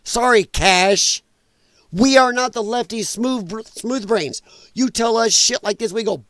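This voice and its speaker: Male livestream host, fairly high voice, profane and blunt, greets chat casually, dry room. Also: measured pace, fairly bright tone, dry recording. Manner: chatty with viewers in chat. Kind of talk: live political commentary.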